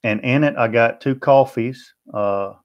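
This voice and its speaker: Speaking a little slowly at medium pitch, this Southern-accented man runs a barbecue livestream and answers viewer comments individually in a sociable way. The sound quality is lo-fi.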